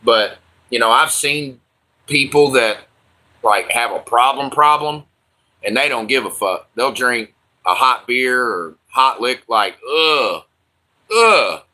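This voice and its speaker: A man's voice: medium pitch, lively intonation, slow, sharp tone. A man hosting a casual livestream, chatting with viewers in loose, slangy, profane banter. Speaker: livestream host.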